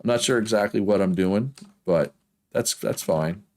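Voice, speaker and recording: A man's voice: fairly low pitch, normal speed, darkish tone. A man from Prince Edward Island with a strong Canadian East Coast accent, chatting casually and rambling with frequent laughs while playing a game. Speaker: gaming streamer.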